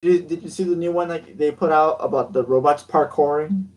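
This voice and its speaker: A man's voice: fairly high pitch, fairly quick, crowd noise, low-quality recording. A man co-hosting a casual podcast over a voice call, joking and sarcastic, laughing often.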